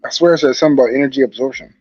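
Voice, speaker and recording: A man's voice: mid-range voice, very fast, darkish tone, husky, dry recording, faint music behind. A man co-hosting a casual chat, skeptical and profane, laughing often. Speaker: co-host. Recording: dull lo-fi mic, dry.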